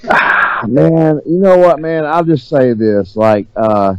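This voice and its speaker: A laid-back man hosts a podcast in casual, rambling chat, hedging as he goes. His voice is smooth and resonant, recorded close and dry with no room sound. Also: a little high, lively intonation, takes it slowly, no room sound, dull audio. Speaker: podcast host.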